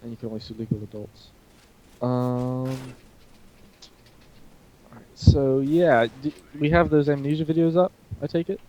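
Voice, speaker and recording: A man with a hoarse throat co-hosting a casual chat between friends, joking, teasing and rambling. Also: medium pitch, steady tone, normal speed, long pauses, dark tone, slight background noise, poor audio. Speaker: podcast co-host.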